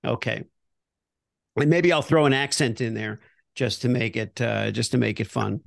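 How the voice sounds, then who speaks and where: A man's voice: mid-range voice, moderate pace, gravelly, no room sound, studio quality. A middle-aged man co-hosting a podcast, explaining an improv game and repeating words as he thinks. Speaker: podcast co-host. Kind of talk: casual improv coaching.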